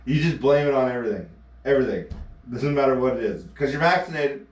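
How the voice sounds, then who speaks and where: A man's voice: mid-range voice, quick pace. Laughing, swearing man on a distant camera mic. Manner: laughing often, profane, teasing storyteller. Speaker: streamer. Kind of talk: casual live-stream chat. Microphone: action camera mic held away. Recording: echoey, distant action camera audio.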